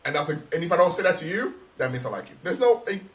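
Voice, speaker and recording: A man co-hosting a casual podcast, talking in an animated, emphatic and profane way. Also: a little high, rapid-fire, distant mic. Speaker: podcast co-host.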